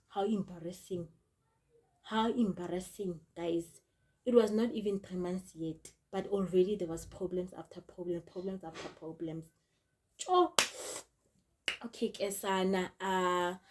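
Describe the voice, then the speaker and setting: A woman's voice: medium pitch, dark tone. A young woman, telling a storytime vlog in a chatty way, repeating herself and often calling out to her viewers. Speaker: vlogger.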